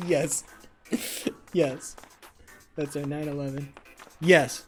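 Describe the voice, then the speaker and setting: A young man live-streaming, loudly trash-talking and swearing as he banters with his chat. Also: fairly high pitch, steady tone, drawn-out words. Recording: faint music behind the voice.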